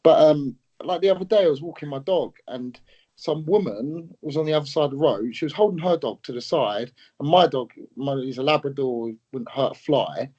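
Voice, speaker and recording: Bodybuilder guy chatting on a podcast, earnest and soft, kinda muffled audio. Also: on the high side, normal speed. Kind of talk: casual chat.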